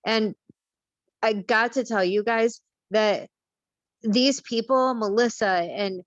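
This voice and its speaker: A woman hosting a casual group video call, talking in an excited, rambling way with lots of fillers. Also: medium pitch, no echo. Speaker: host. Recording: dull lo-fi video call audio.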